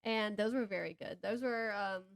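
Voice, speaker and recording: A woman's creaky, medium-pitched voice moves at a moderate pace, carrying a Southern American accent. She co-hosts a laid-back book podcast, rambling, laughing frequently, and stopping herself midway through ideas.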